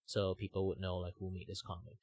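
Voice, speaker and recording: A man's voice: sits low, monotone, quick pace, a little mellow, no echo. A man from Malaysia, chatting casually on his stream in a rambling way, with lots of fillers. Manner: rambling, with many fillers and laughs. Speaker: streamer host.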